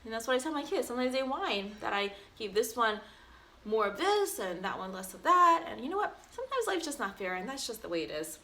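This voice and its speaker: Bright-voiced mom giving parenting tips. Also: female voice, a little high, sing-song, brisk. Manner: chatty, warm baby talk with playful sing-song. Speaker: doctor and mother reading picture books. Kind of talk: casual read-aloud with parenting tips.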